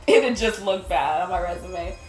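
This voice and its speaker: A woman's voice: fairly low pitch, normal speed, darkish tone. A young woman telling a work story in a casual rant, candid and exasperated, swearing freely and stumbling over her words. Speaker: vlogger. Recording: roomy echo, faint music.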